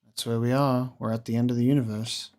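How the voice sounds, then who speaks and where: A man giving casual let's play commentary on a video game, excitable and full of exclamations and swearing. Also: medium pitch, fairly quick. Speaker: gaming streamer. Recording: game music behind the voice.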